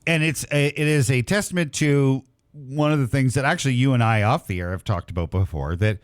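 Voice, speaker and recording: A man's voice: medium pitch, fairly quick, no room sound, studio quality. A man hosting a morning radio interview in a conversational, easygoing way. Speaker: radio host.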